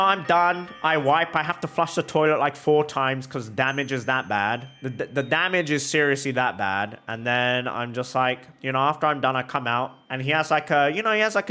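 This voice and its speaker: A young man streaming a game, telling a long embarrassing story in an animated, exaggerated comic way. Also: medium pitch, clean tone. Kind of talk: casual storytelling while gaming.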